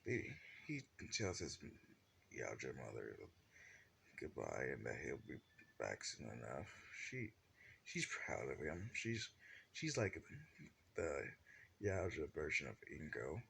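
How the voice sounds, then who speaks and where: A man's voice: very deep voice, sing-song, slow pace, vocal fry, long pauses, a bit bright, a little hiss or hum. A man telling an improvised fan-fiction story in a rambling way, with many restarts.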